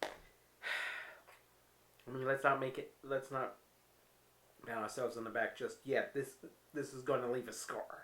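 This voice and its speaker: A man's voice: mid-range voice, steady tone, unhurried, pauses often, pushed and bright. Wry, candid man in a roomy room. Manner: wry, candid, self-mocking humor. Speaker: vlogger. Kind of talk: casual home vlog storytelling.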